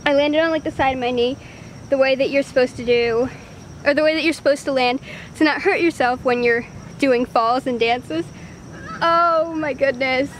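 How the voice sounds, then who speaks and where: Breathless high-voiced young woman outdoors. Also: normal speed, a little hiss or hum. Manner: chatty, rambling, breathless. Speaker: vlogger and dancer. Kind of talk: casual vlog chat. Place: outdoors in overgrown woods.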